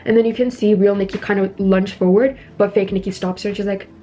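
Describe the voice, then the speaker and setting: A woman's voice: medium pitch, steady tone, quick pace, warm tone. A young woman chatting casually while doing her makeup, retelling a horror film scene by scene with lots of "like" fillers and acting out bits of dialogue. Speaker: beauty vlogger recapping a horror film. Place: indoors at home.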